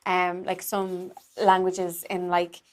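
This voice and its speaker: A woman's voice: lowish voice, completely flat delivery, takes it slowly. A young woman with a Dublin accent, an Irish theatre maker chatting casually and rambling with many fillers. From Ireland. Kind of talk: casual conversation.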